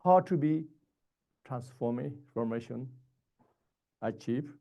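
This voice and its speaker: A man giving a Buddhist dharma teaching in short, halting, repetitive phrases. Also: medium pitch, vocal fry, mellow.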